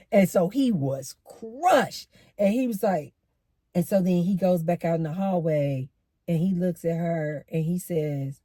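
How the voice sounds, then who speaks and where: Brief: middle-aged woman host, warm and husky, emphatic casual storytelling. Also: medium pitch, no room sound. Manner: animated, emphatic, repeats lines for effect.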